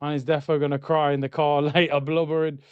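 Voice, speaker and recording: A man's voice: on the high side, fairly quick, clear, resonant tone, dry recording. Young man, live football reaction streamer, dry close sound, a bit dull and lo-fi. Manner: excitable, shouts at goals, then grumbles and reads comments. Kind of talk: live match reaction with chat reading.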